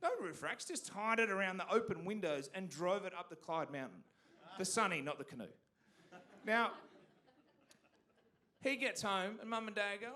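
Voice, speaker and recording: An Australian man doing stand-up on a theatre stage, telling stories animatedly and punching up the big lines loudly. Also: high voice, moderate pace, pauses often. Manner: animated storytelling with sudden loud punchlines. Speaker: stand-up comedian. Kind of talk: stand-up comedy set.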